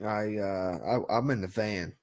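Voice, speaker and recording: A man co-hosting a casual comedy podcast, telling stories and firing off quick one-liners. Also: lowish voice. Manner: deadpan joke-teller, rapid one-liners. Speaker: podcast co-host.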